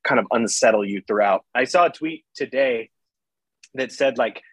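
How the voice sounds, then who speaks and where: A man's voice: mid-range voice, moderate pace, a bit bright, no echo. A man in casual chat, talking with dry, wry humor.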